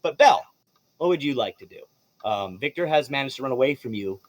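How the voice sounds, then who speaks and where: A man's voice: mid-range voice, lively intonation, fairly quick. A man narrating as game master of a tabletop game, playful, laughing often and swearing casually.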